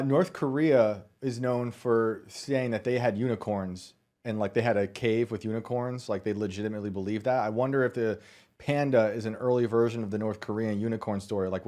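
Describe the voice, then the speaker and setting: A man's voice: fairly low pitch, fairly even intonation, a little mellow. A man hosting a casual podcast chat, readily agreeing with his guest and asking leading questions. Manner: agreeable, quick to affirm, asks leading questions. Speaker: host.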